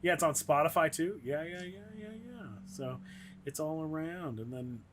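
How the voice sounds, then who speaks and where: Male comedian guest, slightly high voice, rambling and animated storyteller, casual chat. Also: normal speed, a little hiss or hum. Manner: rambling, animated, acts out quotes in raised voices.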